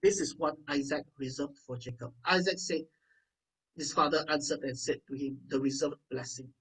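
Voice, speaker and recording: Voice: mid-range voice, moderate pace, fairly bright tone, husky, far from the mic, rough recording. A preacher giving a sermon, reading scripture aloud and breaking in with chatty asides.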